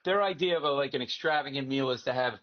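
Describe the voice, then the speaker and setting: A comedian guest telling emphatic, animated comic stories, with bursts of exclaiming and quick put-on voices of family members. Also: male voice, mid-range voice, lo-fi sound.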